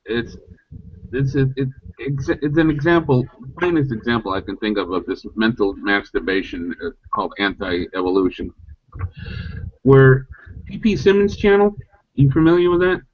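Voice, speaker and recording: Animated man on a lo-fi call. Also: moderate pace. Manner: animated, mocks opponents in high squeaky voices. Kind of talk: casual chat. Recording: lo-fi online call audio.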